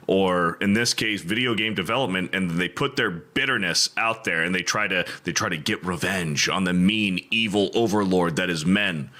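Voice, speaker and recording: Bright-voiced profane man chatting. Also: deep voice, moderate pace, few pauses. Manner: profane, animated storytelling. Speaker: podcast host. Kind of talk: casual chat.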